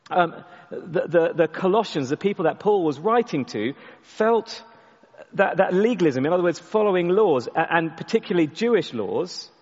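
A man preaching a sermon, telling a story and often restarting his words, sometimes dropping his voice very soft for emphasis. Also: fairly high pitch, long reverb tail, lo-fi sound. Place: church.

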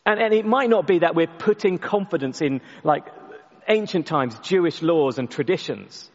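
A man's voice: a little high, animated, moderate pace, dull audio. Man preaching in a reverberant hall. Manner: storytelling with repeated restarts, voice dropping soft for emphasis. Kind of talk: sermon. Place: church.

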